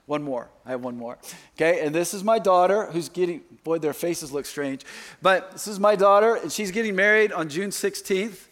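A man's voice: high voice, normal speed, fairly bright tone. A middle-aged man preaching a sermon as pastor in a church, talking conversationally with joking asides. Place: church sanctuary.

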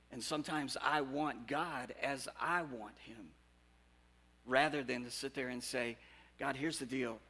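With a medium-pitched voice, a pastor preaches to his congregation in a conversational style. He engages the audience with questions, moving between animated, loud bursts and quieter, earnest moments.

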